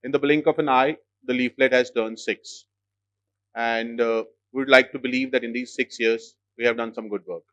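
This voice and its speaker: A man opens his remarks at a formal event, measured and a little hesitant, with "uh" fillers scattered through his sentences. His voice sits at a middle pitch and comes through dry, with a slightly muffled, lo-fi tone. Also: steady tone, a bit bright, no echo. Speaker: editor-in-chief of a legal news outlet. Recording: dry, slightly dull lo-fi sound.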